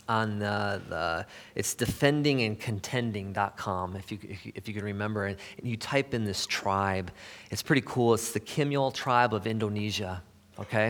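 A man preaching a sermon in a conversational, halting way, with many fillers and restarts, sometimes dropping to a soft near-whisper for emphasis. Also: lowish voice, long reverb tail.

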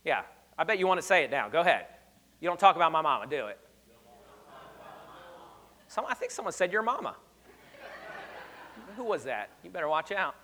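A man voicing a touchy tough guy who dares people to insult his mother, in a lower taunting voice. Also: sing-song, moderate pace, long pauses, pushed and bright. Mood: menacing. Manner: taunting, threatening.

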